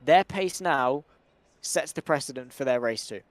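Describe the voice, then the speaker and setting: A man commentating a sim racing broadcast, chatty and quick with slang. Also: medium pitch, animated, dry recording. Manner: brisk, chatty play-by-play with British slang. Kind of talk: live race commentary.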